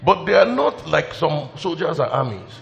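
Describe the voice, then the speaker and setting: A man's voice: fairly high pitch, big pitch swings, normal speed, creaky, muffled recording. A male pastor, preaching a sermon in an emotional, exclamatory way. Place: church hall. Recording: long hall reverb, faint music.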